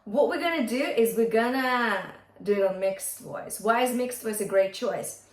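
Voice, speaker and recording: A woman's voice: a little high, moderate pace. Upbeat woman vocal coach, roomy sound. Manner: upbeat, encouraging, checks in with "okay?". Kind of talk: singing lesson to camera.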